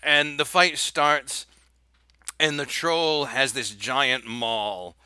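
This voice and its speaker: Bright, clear-voiced young male game master. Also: mid-range voice, fairly even intonation, extremely slow. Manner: descriptive storytelling with fillers. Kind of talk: narrating a tabletop game.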